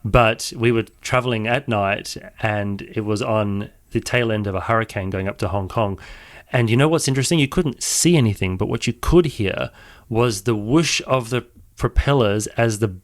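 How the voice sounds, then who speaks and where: Aussie guy spinning a story on a podcast, lowish voice, really into it. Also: normal speed. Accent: Australian. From Australia. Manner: animated anecdotal storytelling. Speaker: maritime historian guest. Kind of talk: casual podcast chat.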